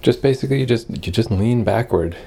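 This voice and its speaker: A man's voice: medium pitch, a little fast, mellow, slightly rough. A young man in a casual vlog monologue, rambling and self-reflective, swearing often as he talks through his day.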